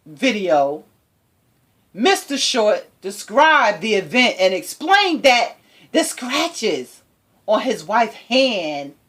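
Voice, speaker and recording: Sassy, emphatic woman commentator. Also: fairly high pitch. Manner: sassy, emphatic, rhetorical questions to viewers. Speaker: commentary channel host. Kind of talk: opinionated commentary.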